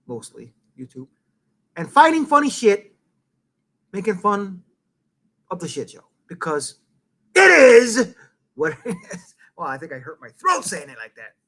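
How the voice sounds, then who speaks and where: Middle-aged male host, casual live-stream rant, lively swooping pitch, profane and rambling. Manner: rambling, profane, jumps between loud bursts and muttering.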